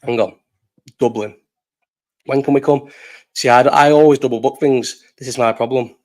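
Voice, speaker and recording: A man's voice: medium pitch, steady tone, normal speed, darkish tone. A young man from Bolton with a Northern English accent, hosting a casual live chat in a rambling, sweary way and laughing often. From Bolton, England. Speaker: live stream host.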